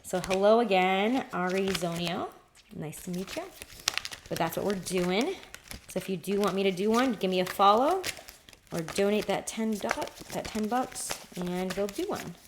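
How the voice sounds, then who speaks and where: A woman's voice: medium pitch, moderate pace, noisy background. A woman giving a casual livestream tarot reading, chatty and rambling, with casual swearing.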